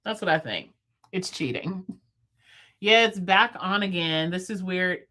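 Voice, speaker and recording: Bright-voiced fast-talking woman. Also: lowish voice. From United States. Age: 30s. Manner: talks fast, chatty and playful, laughs often. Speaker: livestream host. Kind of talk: casual live chat with viewers. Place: at home, in bed.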